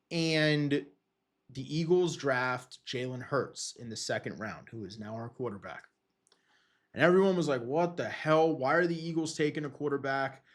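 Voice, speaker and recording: A young man hosting a podcast, rambling through casual sports talk in an excitable way and swearing freely. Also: medium pitch. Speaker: podcast host.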